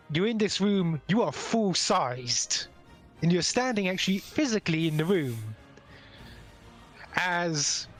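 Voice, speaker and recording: Chatty game master man. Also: fairly high pitch. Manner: loose, chatty narration with fillers. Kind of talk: narrating a tabletop game.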